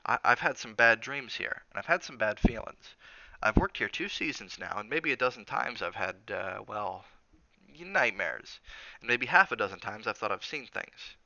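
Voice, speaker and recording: A man's voice: fairly low pitch, animated, moderate pace, pushed and bright, no room sound, lo-fi sound, full character voice. A man doing a folksy old hotel cook. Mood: reassuring. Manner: folksy, reassuring drawl. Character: kindly older male hotel cook, folksy.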